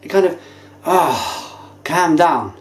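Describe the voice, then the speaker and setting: A man reviewing craft beer to camera, talking casually with animated enthusiasm. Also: fairly high pitch, slow. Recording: echoey room.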